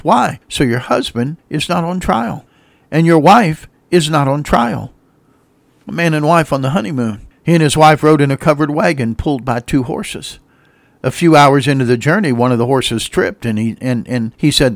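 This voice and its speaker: Male pastor, fairly high voice, dry close sound; preaches with emphatic rising refrains. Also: lively intonation, moderate pace, no room sound. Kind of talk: sermon.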